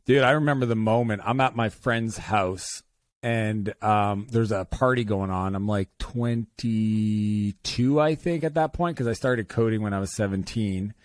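A man in his thirties, a guest author telling stories in a podcast interview, lively and acting out the voices of others. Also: a little slow, dry recording. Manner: animated, acts out quoted voices with big pitch jumps.

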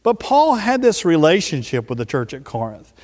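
A man preaching a sermon as pastor, emphatic, with slow drawn-out stresses. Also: fairly high pitch, very animated, a little mellow, long reverb tail.

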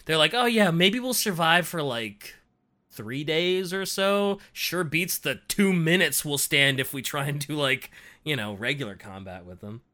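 A man co-hosting a casual book discussion podcast, laughing often and acting out characters in quick voices. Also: fairly high pitch, expressive, sharp tone. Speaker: podcast co-host.

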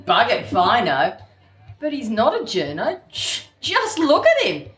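A woman with an Australian accent playing a rough, mouthy bystander with coarse slang on stage. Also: fairly high pitch, wildly swooping pitch, measured pace, a bit bright, heavily acted. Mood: suspicious. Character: rough-talking female bystander, mouthy and suspicious. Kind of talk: stage play acting. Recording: echoey stage with music.

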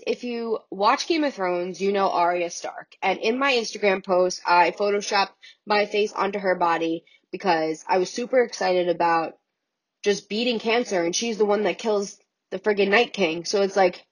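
Young woman, podcast host, chatty, excited, slightly sick voice, casual swearing. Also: medium pitch, moderate pace, low-quality recording. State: sick, voice cracking. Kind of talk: casual solo podcast chat.

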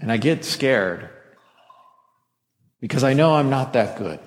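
In a reverberant church sanctuary, a pastor preaches a Christmas sermon to a masked congregation. His mid-range voice is animated and unhurried, and his delivery is conversational, with jokes at his own expense.

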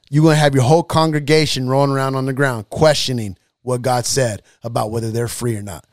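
A man preaching a podcast sermon, emphatic and repetitive, building to forceful declarations. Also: medium pitch, fairly even intonation, fairly quick, few pauses, no echo.

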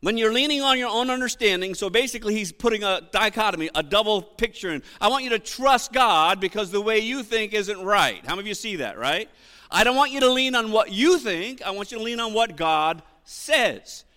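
A male pastor preaching a sermon to his congregation, reading scripture loudly and asking the room questions. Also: sits high, expressive, a little fast, clear, resonant tone. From United States. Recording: long reverb of a church hall.

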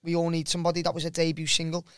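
A man's voice: on the high side, completely flat delivery, very fast, smooth, no echo, clean studio sound. A man with a Scouse accent, a singer and guest on a podcast, chatting casually, swearing and often asking if you know what he means.

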